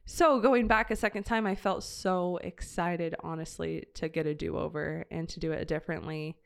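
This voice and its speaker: Woman, earnest testimony, heartfelt, smooth clear voice, lowish pitch, halting restarts. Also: fairly even intonation. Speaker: guest sharing a mission trip story. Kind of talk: reflective personal testimony in conversation.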